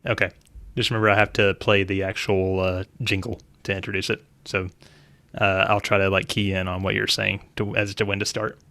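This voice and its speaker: A male podcast co-host chats casually and laughs easily while running the show. His voice sits low but sounds bright and dry. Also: a little fast, vocal fry, no room sound. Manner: relaxed, laughing, steers the show's running order.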